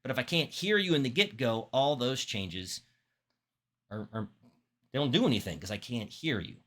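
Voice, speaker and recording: A man teaching public speaking in an instructional talk, demonstrating vocal techniques with expressive examples. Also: mid-range voice, moderate pace. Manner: demonstrates voices, animated and expressive.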